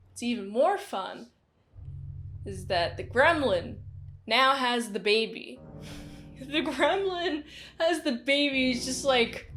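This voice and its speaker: High-voiced, excitable woman reviewer. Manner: rambling, excitable, giggly. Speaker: movie reviewer. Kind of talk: casual spoken movie recap.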